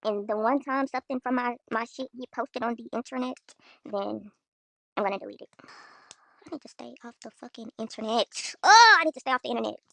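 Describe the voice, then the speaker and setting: A woman's voice: a little high, animated, brisk, gravelly, a bit bright, slight background noise. A young woman from Houston, ranting bluntly and profanely to viewers on her own livestream. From Houston, Texas. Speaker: influencer on a livestream. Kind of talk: casual livestream rant.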